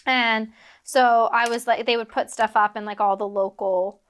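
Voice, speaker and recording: A woman's voice: on the high side, steady tone, moderate pace, fairly bright tone, smooth. A woman from Philadelphia, a guest actress chatting casually while building bricks, rambling with lots of fillers and laughing at herself when she gets distracted. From Philadelphia, United States.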